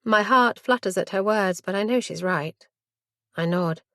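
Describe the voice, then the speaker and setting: A woman narrating a first-person thriller audiobook in a measured, hushed delivery. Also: mid-range voice, no echo, studio quality.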